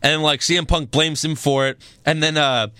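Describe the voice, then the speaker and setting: A man's voice: fairly high pitch, fairly even intonation, normal speed, sharp tone, smooth, dry recording, studio quality. A man co-hosting a casual chat, rambling and profane, laughing at his own stories. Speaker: podcast co-host.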